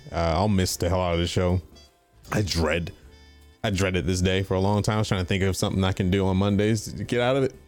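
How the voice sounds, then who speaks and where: A man rambling through a casual farewell, full of fillers and little laughs. His pitch jumps around a lot as he talks. Faint music plays underneath. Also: a little mellow. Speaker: tabletop game player.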